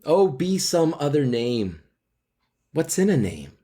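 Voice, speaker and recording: A dreamy, earnest teenage girl, played by a man lifts her voice high and draws out each line of old verse. She sounds lovestruck and a little breathless with feeling as she recites slowly. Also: big pitch swings, warm tone, exaggerated voice. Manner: slow, lilting recital of verse.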